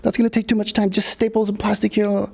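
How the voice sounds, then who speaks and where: Man puts on a squeaky, panicky crew boss; frantic, repetitive, high. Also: completely flat delivery, fast talker, creaky. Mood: dismissive. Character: panicky male film crew boss, pleading.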